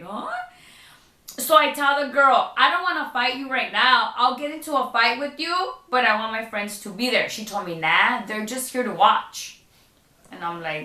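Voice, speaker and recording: A young woman telling a storytime vlog in a chatty, animated way, full of likes and ums. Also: on the high side, reverberant. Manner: chatty, animated retelling with many fillers. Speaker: vlogger.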